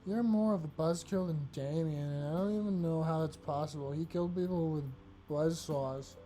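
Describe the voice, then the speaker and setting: A woman's voice: sits low, moderate pace, mellow, faint music behind, lightly acted, poor audio. A woman voicing a drunk, bitter woman who works on a deadly show, with a slurred, drunken delivery. She reads the lines aloud while playing a game. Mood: drunk, sardonic.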